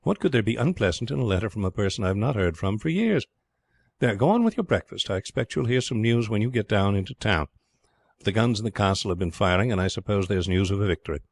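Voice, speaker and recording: A man voicing a gentle middle-aged mother, speaking softly and composedly in a low voice with a dry close sound. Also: lively intonation, quick pace, no echo. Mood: calm.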